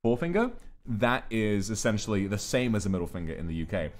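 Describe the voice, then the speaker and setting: A British man hosting a casual chat, animated and given to swearing. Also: on the low side. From United Kingdom. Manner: animated, swearing, quick asides. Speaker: streamer host.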